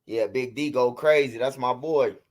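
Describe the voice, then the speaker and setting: The host of a street news channel, a man with a Chicago accent, runs casual livestream commentary where he mocks and trash-talks his critics, repeating himself a lot. His voice is mid-range and moderately paced.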